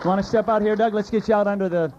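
A man's voice: high-pitched, steady tone, very fast, darkish tone, lo-fi sound, slight background noise. A man hosting and emceeing a live impression contest at a fair in an upbeat, announcing manner. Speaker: radio host and contest emcee. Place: outdoor fair stage.

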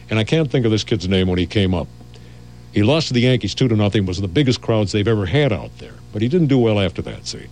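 A man's voice: mid-range voice, lively intonation, fairly quick, darkish tone. An older man, a veteran radio host, telling rambling stories and often breaking off mid-phrase. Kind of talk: anecdotal storytelling.

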